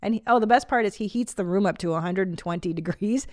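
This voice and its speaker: A woman in her forties hosts a podcast with a loose, comedic monologue. She swears freely, chats breezily and breaks into laughter. Her voice sits at a middle pitch and is recorded close and dry. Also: fast, darkish tone, dry recording. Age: 40s. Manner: profane, chatty, laughs often. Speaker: podcast host.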